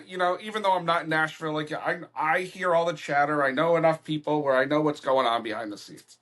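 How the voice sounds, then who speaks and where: A man's voice: on the high side, fairly bright tone. A man hosting a podcast, telling a story casually with plenty of loose fillers. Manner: loose, full of "like" and "you know" fillers. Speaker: podcast host.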